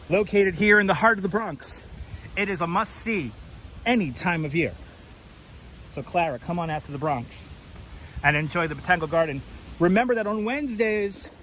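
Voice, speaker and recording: A chatty man hosts a walking livestream outdoors on a clip-on mic. His voice sits high for a man, bright and forceful, with faint background noise. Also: low-quality recording. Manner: chatty, jokey, reads sign text aloud, greets viewers. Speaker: livestream host. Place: outdoors in a forest garden. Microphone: wireless clip-on mic.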